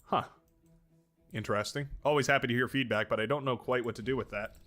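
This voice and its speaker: A man's voice: mid-range voice, quick pace, a bit bright, soft background music. A man streaming a strategy game, chatting casually and rambling into joking asides while he plays. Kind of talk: casual gameplay commentary.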